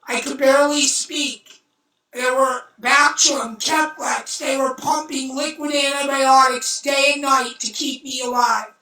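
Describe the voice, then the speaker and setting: Intense high-voiced woman, blunt storytelling on a livestream, slow bright delivery, roomy off-mic sound. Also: fairly even intonation. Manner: intense, blunt, swears, bursts into shouting. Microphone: phone. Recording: roomy echo, far from mic.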